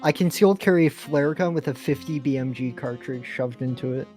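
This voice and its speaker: A podcast co-host with a mid-range voice riffs in deadpan irony and teases the guest. Light music plays faintly underneath. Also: medium pitch, brisk. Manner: ironic, teasing, deadpan trolling. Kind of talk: casual podcast banter.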